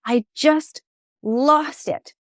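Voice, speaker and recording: A middle-aged woman, a podcast guest, telling personal stories in an animated, candid conversational way. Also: high voice, drawn-out words, no room sound, clean studio sound. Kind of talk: conversational storytelling.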